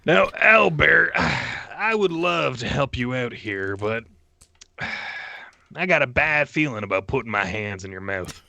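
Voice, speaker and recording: A man's voice: medium pitch, lively intonation, takes it slowly, creaky, sharp tone, no echo, exaggerated voice. A man voicing a small, grubby man aboard a ship in a tabletop game, sighing and wry. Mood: weary.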